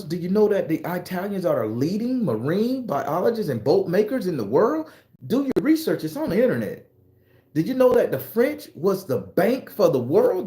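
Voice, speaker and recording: A man's voice: high voice, echoey room. A man telling a profane, emphatic story in a casual monologue, lecturing his viewers as an online storyteller. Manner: animated, emphatic, swearing freely. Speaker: online storyteller and tarot reader.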